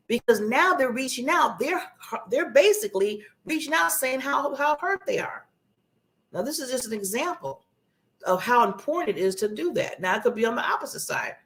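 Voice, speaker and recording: A woman giving earnest, emphatic motivational advice on a talk show in a broadcast studio, often repeating phrases for emphasis. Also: a little high. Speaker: guest speaker giving advice.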